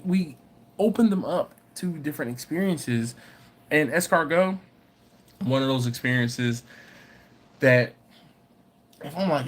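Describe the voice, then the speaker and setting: A middle-aged man, hosting a casual livestream and telling stories while reading viewer comments aloud. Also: a little high. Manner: storytelling, reads chat aloud, animated when excited. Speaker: BBQ channel host.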